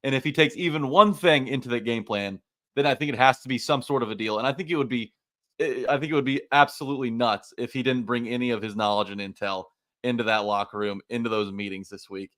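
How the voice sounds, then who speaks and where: Animated sports podcast co-host. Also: male voice, mid-range voice, quick pace, no room sound, studio quality. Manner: animated, talks to the live chat. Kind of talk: casual live-stream chat.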